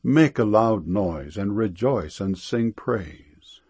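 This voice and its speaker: A man reading Bible verses aloud in a solemn, measured way. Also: on the low side, lively intonation, creaky, breathy edge. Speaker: scripture reader.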